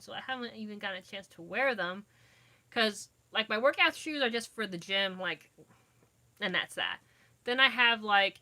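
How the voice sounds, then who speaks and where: Her mid-range voice has a bright, forceful tone. She's a young vlogger in a dim home, filmed with a phone camera, chatting loosely with viewers, rambling and drifting off her train of thought.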